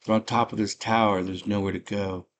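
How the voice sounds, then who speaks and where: A man casually retelling a movie plot in rough slang, breaking into loud put-on voices for the characters. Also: lowish voice, level tone, brisk, slight background noise. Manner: rough slangy street talk. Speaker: movie chat host.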